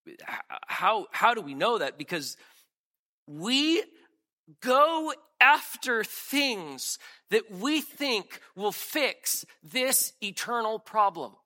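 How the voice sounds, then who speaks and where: Animated, high-voiced male preacher. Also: slow. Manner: dramatic, swings between loud emphatic and hushed lines. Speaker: pastor. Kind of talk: sermon.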